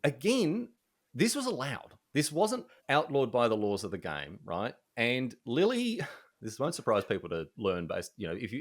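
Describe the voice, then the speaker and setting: Animated Australian man telling stories. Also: lowish voice. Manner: animated, jokey, laughs often. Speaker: journalist guest. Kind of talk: casual anecdotal storytelling.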